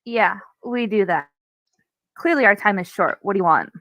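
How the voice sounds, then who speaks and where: A woman playing a tabletop game, talking in quick exclamations. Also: mid-range voice, a bit bright, dry recording, studio quality. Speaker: player. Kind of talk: casual tabletop play.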